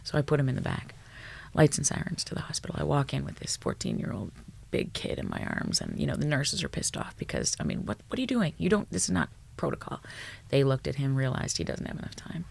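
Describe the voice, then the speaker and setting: A woman, a psychologist guest on a podcast, telling stories in an animated, blunt way, swearing freely and dropping to a hushed tone at tender moments. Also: very deep voice, quick pace, creaky. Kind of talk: storytelling in a podcast interview.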